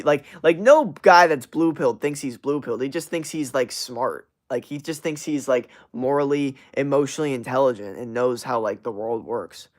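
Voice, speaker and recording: A man's voice: medium pitch, moderate pace, hardly any pauses. Profane young man chatting on stream. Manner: rambling, profane, animated, many fillers. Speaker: livestream host. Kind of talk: casual livestream chat reacting to comments.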